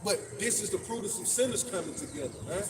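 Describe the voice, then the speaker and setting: A man's voice: high-pitched, expressive, fast. A man leading a casual religious discussion in a preachy way, often repeating his words as he builds a point. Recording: noisy, distant mic.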